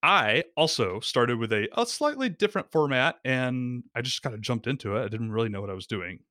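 A man explaining podcasting as a guest in a casual talk, lively and acting out little quotes. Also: mid-range voice, fairly quick, no echo, studio quality.

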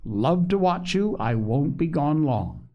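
A man voicing an eager, earnest young girl in a storybook reading, talking in a bright, pleading sing-song. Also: fairly high pitch, very animated, slow pace, lo-fi sound, exaggerated voice.

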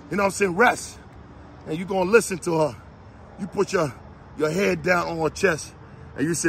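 A man with a raspy, gravelly voice giving a fiery motivational speech, shouting repeated exhortations like a preacher. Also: fairly high pitch, fairly even intonation, normal speed, slight background noise. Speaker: motivational speaker.

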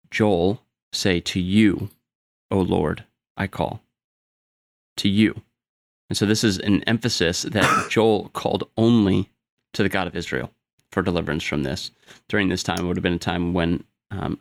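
Casting: deep, gravelly male voice, dry close sound, patient scripture teacher. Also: dry recording. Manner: steady teaching tone with filler ums. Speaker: Bible study co-host. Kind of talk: explaining scripture.

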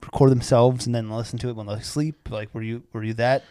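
A man's voice: mid-range voice, fairly even intonation, brisk, warm tone, smooth, no echo, studio quality. A man hosting a casual interview, chatty and swearing casually, with frequent "yeah" backchannels. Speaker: interview host.

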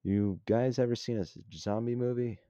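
A man's voice: medium pitch, steady tone, moderate pace, dark tone, no echo, muffled recording, voice pushed up, lightly acted. A man voicing an anxious young soldier who keeps asking questions, read out plainly. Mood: uneasy.

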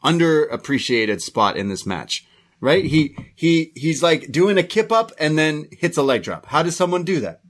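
A man's voice: fairly high pitch, very animated, normal speed. A man co-hosting a podcast, giving a rambling, casual play-by-play recap with frequent restarts. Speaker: podcast co-host reviewing wrestling.

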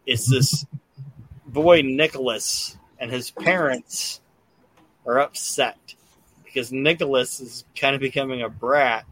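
Slow and medium-pitched with a slightly bright tone, a man rambles through a wrestling recap on his casual podcast, cursing heavily and filling gaps with fillers. Slight background noise is audible.

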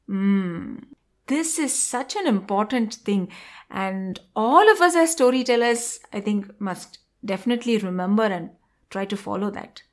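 A woman interviewer responding appreciatively and asking measured questions. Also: high voice.

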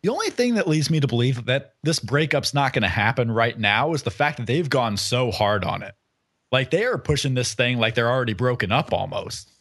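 A man's voice: medium pitch, expressive, a little fast, fairly bright tone, dry recording. A man co-hosting a casual podcast, thinking aloud and hedging his predictions. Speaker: podcast co-host.

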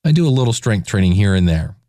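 A man's voice: on the low side, very animated, quick pace, warm tone, dry recording, clean studio sound. A man in his forties hosting a casual solo podcast, talking in a self-deprecating, joking way. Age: 40s. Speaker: podcast host.

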